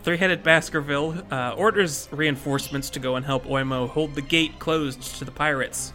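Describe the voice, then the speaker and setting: A man's voice: fairly high pitch, fairly even intonation, normal speed, bright, forceful tone, faint music behind. A man hosting a casual chat show, reading out plot recaps and laughing often. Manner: laughs often, reads recap points between jokes. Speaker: podcast host recapping a manga.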